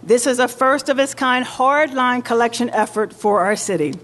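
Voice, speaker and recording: A woman mayor giving a formal public address with deliberate, emphatic oratory in a large indoor market hall. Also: fairly high pitch, a bit bright. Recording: long reverb of a large hall.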